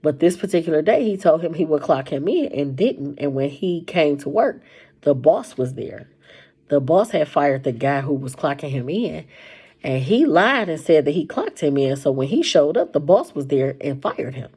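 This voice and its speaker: A woman casually telling a personal story to camera, animated and colloquial, her voice jumping high when she quotes herself. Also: moderate pace, husky. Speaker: storyteller sharing a personal testimony.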